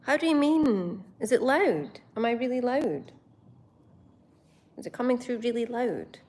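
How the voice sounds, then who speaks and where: A woman's voice: on the high side, animated, measured pace, a little mellow. A Scottish woman hosting a casual livestream, bubbly and laughing often as she chats to viewers by name. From Scotland. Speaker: livestream host. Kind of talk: casual live chat with viewers.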